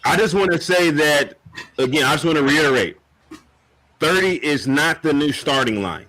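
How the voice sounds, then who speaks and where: A man on a casual podcast discussion, laying out an opinionated argument in a deliberate, point-by-point way. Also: on the high side, animated, sharp tone, slight background noise, poor audio.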